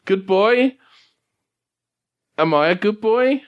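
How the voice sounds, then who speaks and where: A man's voice: expressive, takes it slowly, clear, resonant tone, muffled recording. A man voicing an anxious soldier dog who keeps begging to hear he is a good boy, in a tabletop game recorded at a game café. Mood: pleading. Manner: high, pleading, repeats himself.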